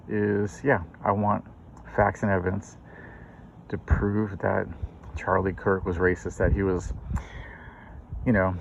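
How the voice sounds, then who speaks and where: A middle-aged man hosting his own channel, giving a political opinion monologue with many fillers and restarts. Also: low-pitched. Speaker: channel host. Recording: dull lo-fi recording with faint noise.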